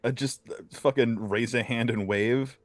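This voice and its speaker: A man's voice: mid-range voice, fairly even intonation, moderate pace, dry recording. A man playing a tabletop game who casually narrates his character's actions, swearing a lot. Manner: profane, laughing, describing actions.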